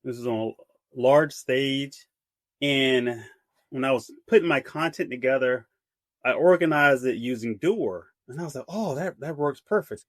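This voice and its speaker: Middle aged guy giving practical speaking tips, brisk, dry sound. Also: medium pitch, fairly bright tone, no room sound. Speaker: guest speaker and author. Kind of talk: casual interview chat.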